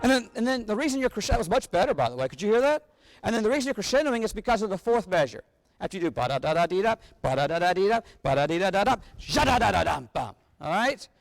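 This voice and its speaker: A man's voice: very high-pitched, vocal fry. A man leading a wind band rehearsal, energetically coaching the players and singing rhythms on syllables. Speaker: band clinician conducting a rehearsal. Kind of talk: rehearsal instruction. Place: large rehearsal hall with a band. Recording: long hall reverb.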